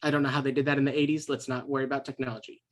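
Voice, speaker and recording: An easygoing old man in suspenders speaks in a low, unhurried way, as a man running the game puts him on. His voice is quiet and gruff, a kindly older fellow in a tabletop story. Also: little pitch movement, close to an everyday voice.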